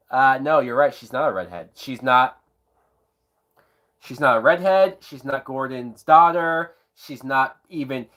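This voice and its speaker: Tipsy man, animated sarcastic commentary. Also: on the high side, measured pace. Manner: sarcastic, profane, incredulous; bursts into whooping laughter. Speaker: movie reviewer. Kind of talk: live movie watch-along commentary.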